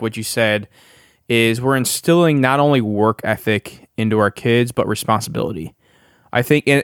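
A man's voice: mid-range voice, clear, resonant tone, no echo, studio quality. A man in his thirties co-hosting a casual podcast, easygoing and agreeable, laughing often. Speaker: podcast co-host.

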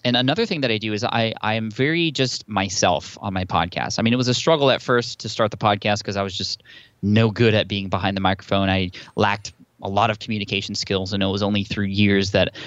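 A man's voice: on the low side, fairly quick, no room sound, dull audio. A man as a podcast guest, chatting and telling stories with many restarts and fillers. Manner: chatty, frequent restarts and fillers, animated storytelling. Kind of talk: conversational interview answer.

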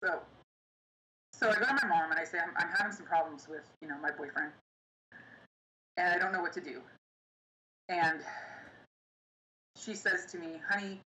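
Interview guest, woman, young, bright and forceful voice, halting delivery, roomy echo. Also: on the low side. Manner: halting, pausing often, recounting painful memories. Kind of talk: personal storytelling. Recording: echoey room with faint ambience.

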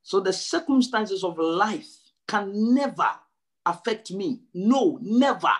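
Emphatic preaching man, slightly high voice. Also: expressive, slow. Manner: emphatic, repeats phrases, swings from low to high and loud. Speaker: pastor. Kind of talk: sermon. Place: church service.

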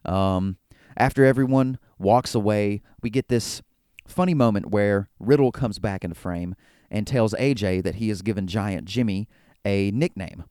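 A man with a lowish, smooth and resonant voice talks through a casual recap as a podcast host. He is chatty and joking, and he often trips over his words and repeats them. The sound is close and dry. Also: measured pace, mellow, no room sound. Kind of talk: casual wrestling recap commentary.

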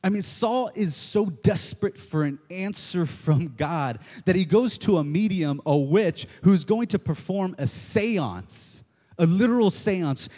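A man preaching a casual, excitable sermon, often checking in with his listeners. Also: sits high, long reverb tail. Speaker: pastor. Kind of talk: conversational sermon.

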